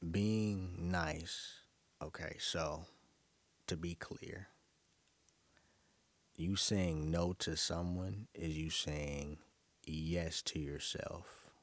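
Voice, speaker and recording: Very deep-voiced New man, casual monologue. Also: steady tone, drawn-out words, long pauses, no echo. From Brooklyn, New York. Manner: loose, profane, rambling storytelling with frequent laughs.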